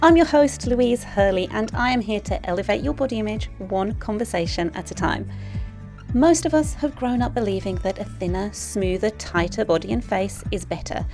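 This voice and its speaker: A woman's voice: medium pitch, moderate pace, darkish tone, soft background music. A woman hosting a podcast, moving from a scripted welcome into casual, encouraging chat with her guest. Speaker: podcast host.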